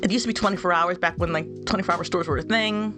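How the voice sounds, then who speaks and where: Speaking quickly in a lowish voice, this stuffy-nosed young woman giggles and chats her way through a game as a let's play host. It's casual gameplay commentary, with faint game music underneath.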